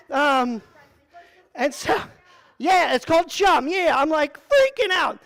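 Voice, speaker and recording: A man leading a church youth group talk, telling a personal story in an animated, joking way, full of "like" and "um". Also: extremely high pitch, takes it slowly, gravelly. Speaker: youth pastor.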